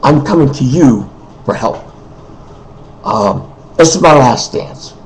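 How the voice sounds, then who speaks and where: Man, gravelly voice, weary, emotional, halting, throat-clearing, unscripted personal monologue. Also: mid-range voice, animated, rough recording. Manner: halting and emotional, repeats himself, often clears his throat. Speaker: person making a personal appeal.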